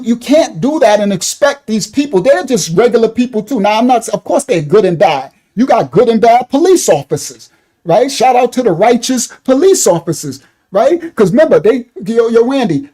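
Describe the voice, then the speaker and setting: An online commentator with a high, mellow voice gives loose, repetitive livestream commentary, addressing his chat viewers by name.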